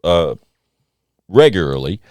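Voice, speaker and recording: A man hosts a casual podcast with lots of energy, and he swears freely. His voice sits a little low, but his pitch swings widely as he talks. The studio sound is dry and close to the mic. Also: slow pace, no echo. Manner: hype, animated, swears freely. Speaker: podcast host.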